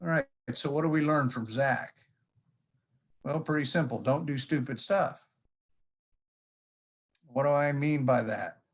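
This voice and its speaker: A man's voice: mid-range voice, a little slow, pauses often. A man giving a conference presentation in a folksy storytelling manner, with jokes along the way. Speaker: conference speaker. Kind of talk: presentation talk.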